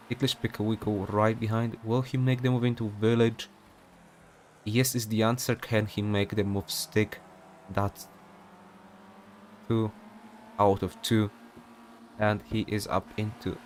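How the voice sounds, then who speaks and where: A man's voice: lowish voice, a little hiss or hum. A young man commentating an online sim race in a casual, rambling way, with many fillers and off-topic asides.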